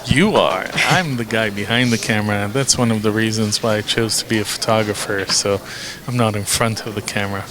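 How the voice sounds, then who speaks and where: A man's voice: on the low side, fairly even intonation, fairly quick. Bantering male pool commentator. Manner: casual, bantering. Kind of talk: live stream commentary. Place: pool hall. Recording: pool hall crowd audible behind.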